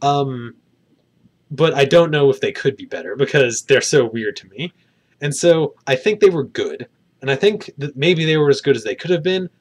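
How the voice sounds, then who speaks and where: A man's voice: mid-range voice, lively intonation, moderate pace. A man giving a casual spoken film review outdoors, rambling and hedging with many fillers.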